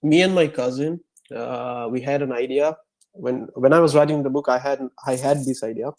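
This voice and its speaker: A young man from Sri Lanka, an author answering interview questions casually, soft-spoken and halting. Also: medium pitch, low-quality recording. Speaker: author guest.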